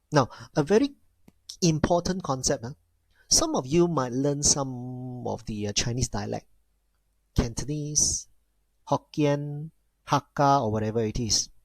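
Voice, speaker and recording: Man, language teacher, unhurried, repeats himself, exaggerated tone demos, dry sound. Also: mid-range voice, lively intonation, dry recording. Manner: repeats key phrases, addresses class as ladies and gentlemen; demonstrates tones with exaggerated sounds. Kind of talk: classroom lecture.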